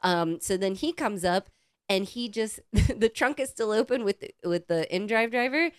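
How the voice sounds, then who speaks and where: A woman co-hosting a podcast, telling a casual story in a lively, swearing, animated way and acting out the quotes. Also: mid-range voice, a little slow, smooth, no room sound, studio quality. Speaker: podcast co-host.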